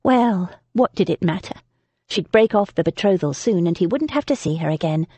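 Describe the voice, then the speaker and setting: A woman narrating a historical romance audiobook in an expressive reading style. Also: fairly low pitch, moderate pace, no room sound. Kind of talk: scripted narration.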